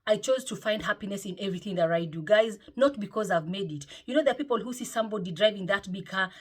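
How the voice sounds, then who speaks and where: A middle-aged woman, chatting to camera from home in a lively vlog, often tagging her sentences with "eh?". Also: medium pitch, fast talker. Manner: lively and chatty, with frequent "eh?" tags. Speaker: motivational vlogger. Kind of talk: casual chat to camera. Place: home, indoors.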